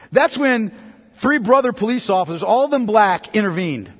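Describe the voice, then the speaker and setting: A man preaching a sermon as pastor, swinging between loud emphasis and quiet, low passages. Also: lively intonation, moderate pace, husky, long reverb tail.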